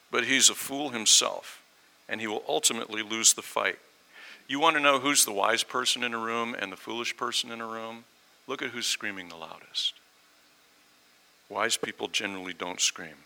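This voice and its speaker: Man, preacher, sermon, storytelling, very bright tone, lowish pitch. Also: poor audio. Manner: storytelling, acts out quoted voices.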